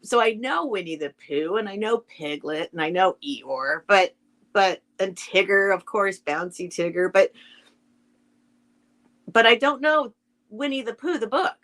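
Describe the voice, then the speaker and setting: A woman hosts a casual live stream, reading a children's book aloud and greeting viewers by name. She talks in a rambling, sentimental way, with a voice of ordinary middle pitch. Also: lively intonation, a little slow, fairly bright tone. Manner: sentimental, gets emotional over the text.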